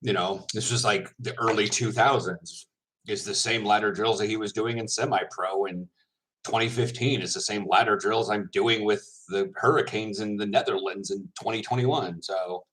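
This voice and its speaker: A man's voice: lowish voice, steady tone, normal speed, a bit bright, poor audio. Rambling laughing man chatting casually. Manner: rambling, laughs often, self-correcting. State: mouth full. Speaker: semi-pro football linebacker vlogger. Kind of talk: casual chat to viewers.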